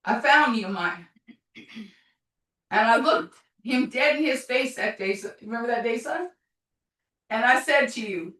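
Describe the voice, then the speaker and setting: A middle-aged woman tells her story as a mother, blunt and forceful, cursing and circling back on her words. Her voice is bright and sharp, on the high side for a woman. It comes from some distance in an echoey room. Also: expressive, unhurried, long pauses. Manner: blunt and forceful, swears, repeats herself. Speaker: mother of a recovering addict. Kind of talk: emotional personal testimony.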